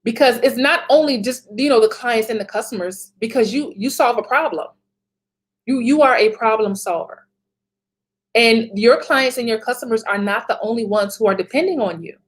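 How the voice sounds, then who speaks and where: Woman coach giving a pep talk, a bit high-pitched, emphatic, keeps laughing. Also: moderate pace. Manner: emphatic, repeats phrases, laughs often. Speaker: business coach. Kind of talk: motivational talk.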